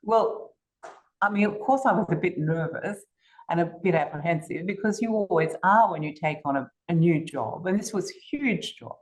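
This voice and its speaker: A woman's voice: fairly low pitch, moderate pace, darkish tone, rough recording. An older woman with an Australian accent, a guest telling stories in a podcast interview in an assured way. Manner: assured, storytelling, occasional restarts.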